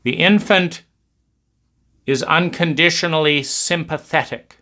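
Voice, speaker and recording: Slow, bright-voiced man. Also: a little high. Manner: slow, emphatic, repetitive cadences. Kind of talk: reflective talk.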